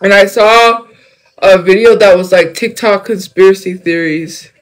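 A man's voice: high voice, measured pace, fairly bright tone, low-quality recording. A young man chatting casually on a livestream. He rambles, jumps between topics and fills his talk with fillers.

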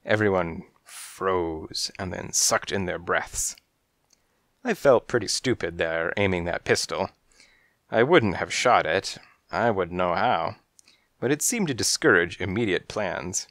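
A man reading a hard-boiled detective story aloud in a deadpan, first-person narration. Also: low voice, takes it slowly, no echo, clean studio sound. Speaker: audiobook narrator.

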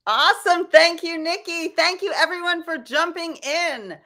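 A woman's voice: extremely high pitch, a little slow, sharp tone. A woman comedian and caregiver sharing tips in a chatty, loose way on a video call. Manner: chatty, loose, with fillers and asides. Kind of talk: casual talk with caregiving tips.

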